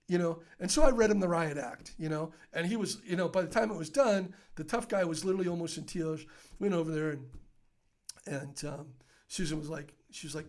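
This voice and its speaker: High-voiced man telling a lively war story. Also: a little fast. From United States. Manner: acts out quoted dialogue, swearing, rambling with many fillers. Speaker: podcast guest, business owner. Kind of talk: animated storytelling in casual conversation.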